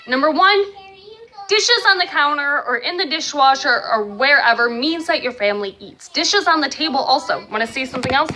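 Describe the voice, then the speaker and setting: High, lively, bright-voiced young mom vlogger. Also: female voice, slight background noise. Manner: earnest, emphatic, repeats points for stress. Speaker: vlogger and stay-at-home mom of five. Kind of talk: casual advice vlog to camera.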